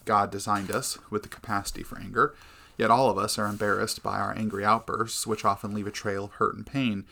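A man narrates a Christian devotional book in a measured, earnest reading. His voice sits low and carries a gravelly edge. The tone is bright and forceful. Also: level tone.

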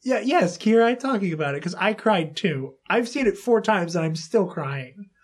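This podcast host has a husky, medium-pitched voice with lively intonation and a moderate pace. She chats casually with a child guest, laughs a lot, and keeps starting her sentences over.

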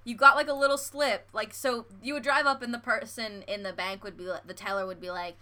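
An American woman in casual chat, giggly and lively, acting out little scenes as she tells them. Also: mid-range voice, fairly quick, hardly any pauses. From United States. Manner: bubbly, giggly, acts out little scenes in voices.

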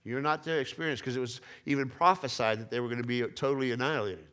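Middle-aged male pastor, mid-range voice, conversational sermon with loud emphatic surges. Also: mid-range voice, fast talker. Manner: conversational preaching, rising to emphatic peaks, restarts and repeated words.

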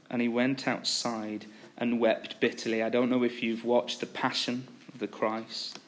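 A man preaching a sermon, retelling a story with animated, acted-out quotes. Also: medium pitch, moderate pace, a little hiss or hum.

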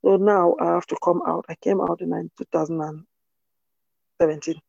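A woman from Cameroon, telling her own story in an interview in an earnest, halting way with many restarts. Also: fairly low pitch, steady tone, vocal fry, a little mellow, no room sound, muffled recording. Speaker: interview guest. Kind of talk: personal testimony in conversation.

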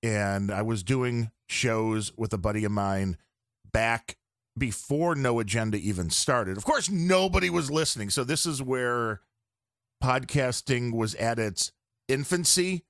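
A man's voice: medium pitch, measured pace, fairly bright tone, dry recording, studio quality. A man guesting on a podcast, chatting casually and rambling on about audio gear.

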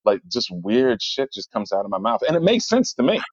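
A man's voice: mid-range voice, a little fast, slightly rough, dry recording. A man talking loosely and animatedly, circling back with fillers and false starts. The sound is dry and close, a little dull in the top end. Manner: rambling, animated storyteller with many fillers. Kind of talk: casual chat.

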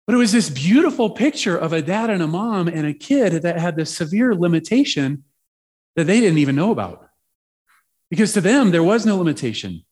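Animated, lively-voiced male storyteller. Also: high voice. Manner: animated, chatty storyteller with playful asides. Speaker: preacher telling a personal story. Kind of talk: storytelling sermon.

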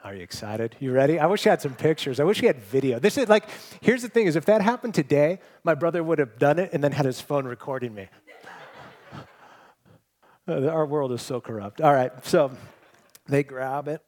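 Pastor preaching, higher-pitched man. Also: lively intonation, a little fast. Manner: storytelling, swings between loud emphatic and quiet hushed delivery. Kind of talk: sermon. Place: church hall with congregation.

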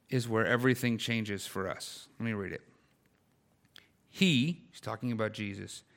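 A middle-aged male pastor with a mid-range, slightly bright voice preaches conversationally. His sermon grows in intensity, weaving everyday stories with emphatic questions.

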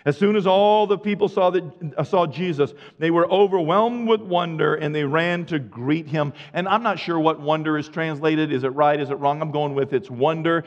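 A man preaching a sermon, reading scripture and retelling it in casual modern speech, swinging between loud and hushed. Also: a little high, moderate pace, hardly any pauses. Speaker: pastor. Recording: reverberant hall, muffled sound.

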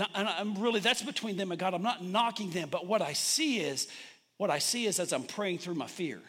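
A man preaching a sermon, animated and repetitive, telling a personal story to his congregation. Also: on the high side, husky. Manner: animated preaching with repeated phrases and restarts. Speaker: pastor.

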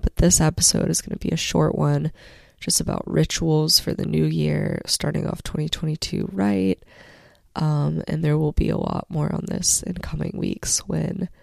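A young woman hosts her solo podcast in a heavily gravelly, sick-sounding voice, low and mellow in tone. She speaks slowly and reflectively, leaning on fillers, close to the mic in a dry, dead room. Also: no room sound. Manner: slow, gentle, reflective, with many fillers. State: sick, voice worn from illness. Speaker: podcast host. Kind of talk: casual solo podcast talk.

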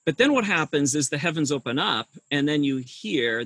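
A middle-aged male pastor preaches in a husky, somewhat high voice with a pressing, forceful edge. He tells the story with humor and keeps asking his listeners rhetorical questions. The sound is close and dry. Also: animated, moderate pace, hardly any pauses, dry recording. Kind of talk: sermon.

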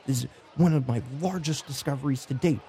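A flamboyant, self-promoting explorer as a man puts him on bursts with delight in a high, strained voice that sits well above a normal male range. He is loud, bright and theatrical, and he never misses a chance to praise himself. This is a role-play voice from a tabletop game. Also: a little fast, slight background noise, close to an everyday voice. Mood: effusive. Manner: effusive showman who plugs his own books. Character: excitable, pompous middle-aged male explorer and author.

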